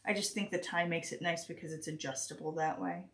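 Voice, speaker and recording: A woman teaching a stitching project on a live stream, talking slowly and hesitantly with many pauses and restarts while she works. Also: deep voice, steady tone. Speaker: craft teacher.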